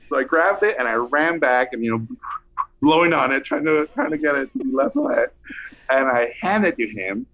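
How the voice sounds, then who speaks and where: A man recounting an anecdote as an interview guest, lively and animated, acting out the people he quotes. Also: a little high, normal speed. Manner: animated, acts out quoted voices. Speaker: film director guest. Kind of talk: anecdotal storytelling.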